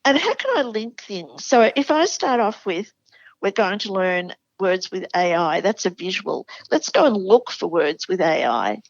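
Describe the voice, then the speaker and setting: A woman's voice: lowish voice, very animated, a little slow, no room sound, dull audio. An Australian woman, a literacy educator, explaining classroom spelling enthusiastically in a podcast chat. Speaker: literacy educator, show regular. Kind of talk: conversational podcast interview.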